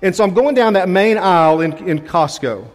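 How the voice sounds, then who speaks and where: A man's voice: high voice, animated, normal speed. A man preaching as a pastor, telling a chatty, self-deprecating story with frequent restarts before turning to the sermon. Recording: long reverb of a large hall.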